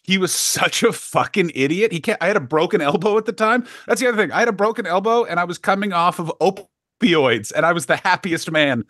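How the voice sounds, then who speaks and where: Profane, animated middle-aged male comedian. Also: high-pitched, brisk, dry recording, clean studio sound. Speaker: podcast co-host, comedian. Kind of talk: casual comedic chat.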